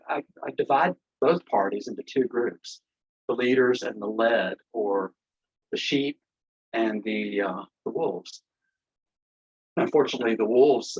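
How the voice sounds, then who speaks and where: A man's voice: medium pitch, slightly rough. A man giving a casual, impassioned and sarcastic livestream briefing as an election integrity activist, talking from an office through a headset. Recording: muffled headset audio.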